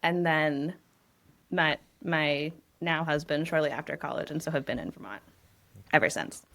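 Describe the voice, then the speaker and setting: Chatty, laughing woman, slightly low voice. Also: normal speed, gravelly, a bit bright. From New England, US. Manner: chatty, laughs often, rambling storyteller. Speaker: real estate agent, guest. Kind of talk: casual interview chat.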